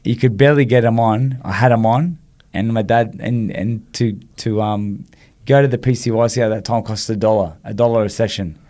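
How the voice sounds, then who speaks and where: Animated Australian man telling stories. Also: lowish voice, normal speed. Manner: animated storyteller, many "you know" fillers and restarts. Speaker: podcast guest. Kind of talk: casual storytelling interview.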